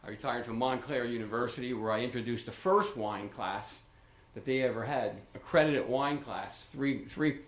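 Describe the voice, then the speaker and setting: A man's voice: medium pitch, normal speed. An older man, a local author, speaking informally at a township meeting in a rambling, chatty way with many restarts and asides. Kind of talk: informal public remarks at a meeting. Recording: echoey meeting room.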